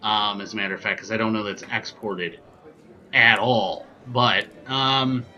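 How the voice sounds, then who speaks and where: Casual guy rambling through a whiskey tasting, bright voice, kinda dull lo-fi audio. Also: fairly low pitch, fairly even intonation, unhurried. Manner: chatty and joking, many ums and asides. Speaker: whiskey reviewer, channel host.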